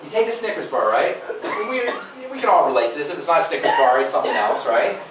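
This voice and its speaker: A man's voice: a little high, sing-song, fast talker, crowd noise. A man giving a live seminar talk to an audience, chatty and asking the listeners questions. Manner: conversational, quizzes the audience. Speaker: nutrition speaker. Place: lecture room with a live audience. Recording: dull, echoey room from far off.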